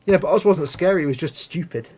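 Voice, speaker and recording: A man's voice: high voice, fast talker, a little mellow. Dry, joking English man at work. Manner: dry, jokey, self-mocking asides. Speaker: host building a model kit. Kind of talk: casual live-stream chat while working.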